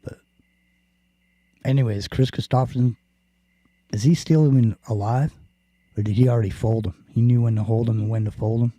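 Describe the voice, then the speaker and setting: A man's voice: medium pitch, steady tone, normal speed, long pauses, warm tone, dry recording. A man hosting a podcast in casual chat, rambling and joking with plenty of swearing. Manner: rambling, profane, jokey. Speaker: podcast host.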